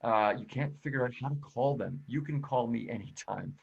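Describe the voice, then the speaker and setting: A man's voice: mid-range voice, moderate pace, vocal fry, husky. Brief: male webinar presenter, friendly and casual, mid voice, slightly muffled audio. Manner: casual, friendly, with frequent fillers. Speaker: productivity expert and presenter.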